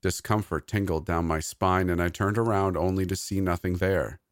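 A man with a deep, low voice reads a scripted horror story in a measured, even way. The sound is dry and close, with no room around it. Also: no echo.

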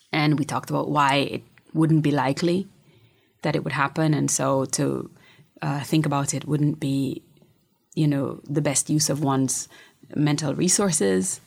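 A middle-aged woman telling a personal story in a casual, reflective way, often sinking into a soft whisper. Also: deep voice, creaky, slightly rough.

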